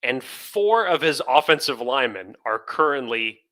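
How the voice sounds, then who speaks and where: A man's voice: medium pitch, big pitch swings, moderate pace, pushed and bright. A man co-hosting a sports podcast in casual chat, laughing at bad news. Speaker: podcast co-host.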